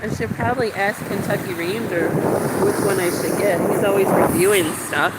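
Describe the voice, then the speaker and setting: A woman with a mid-range voice and a steady tone live-streams casually from a windy lakeshore on her phone, talking at a moderate pace. She is chatty and shivering from the cold, breaking into gushing exclamations, while loud wind noise hits the phone's camera mic.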